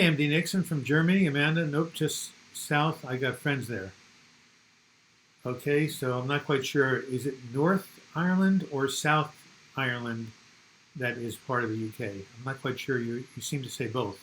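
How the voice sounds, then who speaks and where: A man's voice: on the high side, fairly bright tone, a little hiss or hum, poor audio. An older man from the United States hosting a casual live chat, rambling and reading viewer comments aloud.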